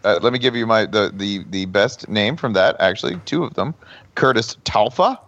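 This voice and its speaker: A man with a fairly low voice trades wry jokes in casual podcast chat, now and then slipping into mock quotes. The sound is dry and close, a bit dull and muffled. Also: expressive, normal speed, fairly bright tone, no room sound. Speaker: podcast co-host.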